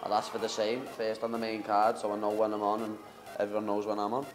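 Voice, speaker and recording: A young MMA fighter with a Liverpool accent answers questions in a casual interview, cocky and bantering, calling everyone "lad" nonstop. His voice is on the low side, delivered completely flat and quickly, with faint music in the background.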